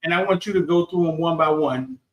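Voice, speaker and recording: A man in a casual livestream chat, coaxing and halting, repeating his words as he explains. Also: on the high side, a crowd in the background. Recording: echoey, distant from the mic.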